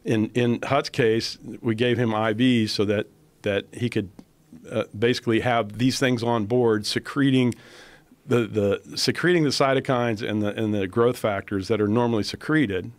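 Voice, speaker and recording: A man, a doctor, explaining a medical treatment in a steady, explanatory way. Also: mid-range voice, moderate pace, no room sound. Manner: explanatory, with fillers and restarts. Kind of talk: explaining to a host.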